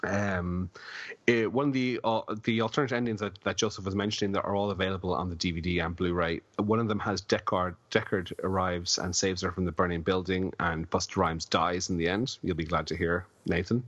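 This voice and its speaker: A man's voice: low voice, steady tone, brisk, a bit bright, dry recording. A man on a casual podcast, a little drunk and slurring, rambling through film trivia with many fillers. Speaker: podcast co-host. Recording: dull lo-fi dry sound.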